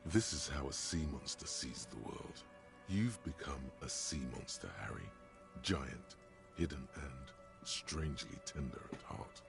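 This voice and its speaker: An actor voicing a solemn male video game narrator with a gravelly voice. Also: rumbling low, expressive, measured pace, over music, exaggerated voice.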